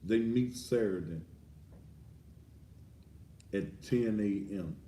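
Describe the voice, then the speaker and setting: A man's voice: on the low side, takes it slowly, mellow, slight background noise. A middle-aged man, a pastor giving a blunt, fiery sermon-style address with profanity. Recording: roomy echo, distant from the mic.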